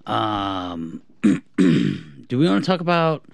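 A young man co-hosting a podcast, chatting casually in a rambling, self-deprecating way and clearing his throat often. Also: lowish voice, very animated, takes it slowly, no room sound. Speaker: podcast co-host. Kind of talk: casual chat.

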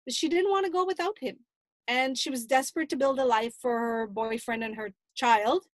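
Woman, middle-aged, high-pitched, dry close sound, emotional storyteller quoting her own words. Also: normal speed, no room sound. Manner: emotional, quotes her own past dialogue at length. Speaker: mother recounting a family story. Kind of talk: personal storytelling.

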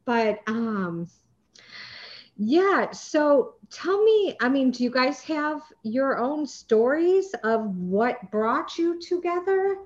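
A woman host interviewing guests over a video call, chatty and quick to laugh. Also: high voice, big pitch swings, highs cut off. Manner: chatty, laughs easily, exclamatory. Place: home in Florida.

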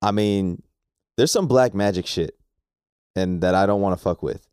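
A man talks in a loose, slangy way, dropping curses as he reacts to his friend. His voice sits fairly low. The sound is dry and close. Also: moderate pace, darkish tone, clean tone, no echo. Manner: laid-back, slangy, swears a lot. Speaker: podcast co-host. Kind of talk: casual chat.

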